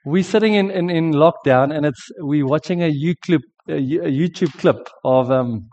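A man's voice, on the high side with a darkish tone, moves at normal speed. He's a pastor with a South African accent, preaching conversationally through stories and frequently starting over. The sermon recording is dull and lo-fi.

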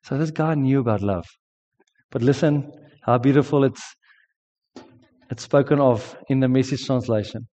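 A man's voice: mid-range voice, normal speed, long pauses, mellow. A man with a South African accent preaching a sermon in a chatty, storytelling way, with many restarts. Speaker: pastor. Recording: dull lo-fi sermon recording.

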